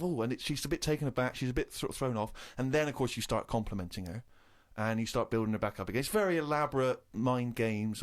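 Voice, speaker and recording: An English man in his thirties on a casual comedy podcast, telling an indignant anecdote with animated storytelling. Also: mid-range voice. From England.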